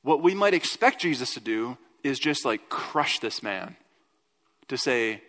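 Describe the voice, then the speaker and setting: A man's voice: mid-range voice, a little slow, in a large hall. A male pastor giving a conversational sermon, often acting out quotes and talking through restarts and fillers. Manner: conversational, animated quoting, frequent "like" and restarts. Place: church.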